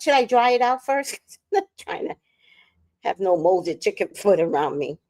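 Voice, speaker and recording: A woman's voice: medium pitch, big pitch swings, normal speed, a little mellow. A woman hosting a casual late-night livestream, talking profanely, laughing often and reading viewer comments aloud. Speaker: livestream host.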